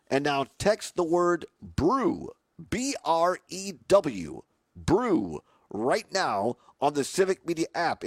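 A man hosting a radio talk show, his voice raspy today, chatty and upbeat. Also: a little high, no echo. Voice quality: upbeat, chatty, plugs and promos.

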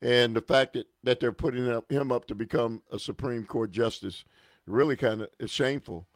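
A man's voice: mid-range voice, moderate pace, no echo. Dismissive man chatting as a radio guest. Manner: conversational, dismissive, says "man" often. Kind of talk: talk radio discussion.

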